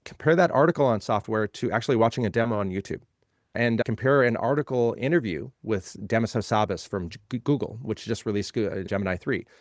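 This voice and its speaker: A man's voice: lowish voice, fairly quick, no echo, studio quality. A man being interviewed as a legal tech guest, explaining ideas in a conversational way and building points by repeating phrases.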